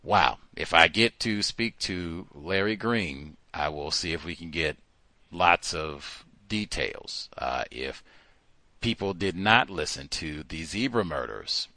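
A man hosting a call-in talk show, speaking in an animated, emphatic way and repeating words for stress. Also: low-pitched, slow pace, dry recording. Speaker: host. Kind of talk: call-in radio talk monologue.

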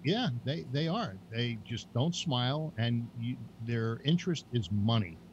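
A man's voice: mid-range voice, expressive, a little slow, dull audio, slight background noise. A man on a casual panel chat, opinionated and provocative.

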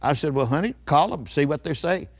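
A man's voice: on the high side, lively intonation, fairly quick, noisy background. An older man preaching a sermon, emphatic and rousing, calling on the audience to answer back. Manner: emphatic call-and-response preaching.

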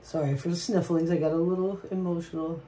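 A woman vlogger chatting casually while she paints, soft-spoken and reflective, often trailing off mid-sentence. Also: on the low side, fairly even intonation, fast. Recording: roomy echo with faint noise.

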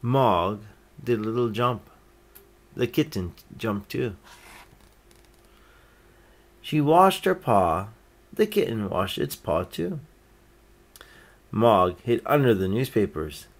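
A man reading a children's picture book aloud, gently lifting his voice for each character's lines. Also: fairly low pitch, sing-song, slow, pauses often. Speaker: storyteller.

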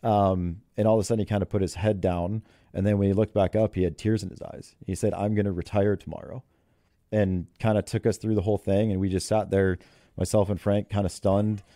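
A man's voice: lowish voice, level tone, fairly quick, warm tone, no room sound, clean studio sound. A man who is a head golf coach, telling stories in an interview in a chatty way and laughing often. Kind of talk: interview storytelling.

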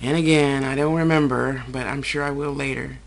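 A woman's voice: fairly even intonation, fairly quick, gravelly, slight background noise. Chatty woman rambling through a dream. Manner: chatty, digressive, quotes people in a higher voice. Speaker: vlogger recounting a dream. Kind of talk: casual rambling storytelling.

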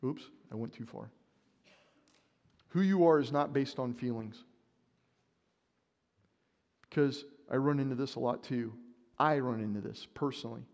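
A man's voice: mid-range voice, a little slow, long pauses, a little mellow, lo-fi sound. A man preaching a sermon, telling a story with animation and acting out his own panic. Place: church sanctuary. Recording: long church reverb.

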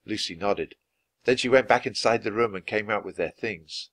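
A man reading a children's book aloud, clear and expressive, at an easy pace for learners. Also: fairly low pitch, moderate pace, no room sound. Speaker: storybook reader.

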